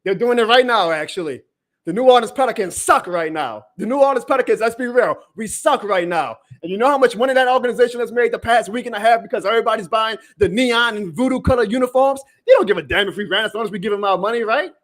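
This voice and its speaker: A man's voice: high-pitched, quick pace, a bit bright. A man hosting a sports podcast, ranting emphatically and profanely to his listeners. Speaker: podcast host.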